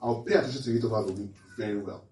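A pastor races through an interactive Bible-teaching sermon in a lowish, slightly mellow voice, often quizzing listeners with repeated questions. The recording comes from a distant mic in an echoey room.

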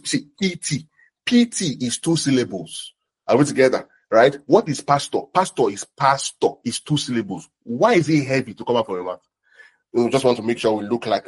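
Young male pastor, husky, animated sermon delivery. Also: medium pitch. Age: young adult. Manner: animated, repeats words, many fillers.

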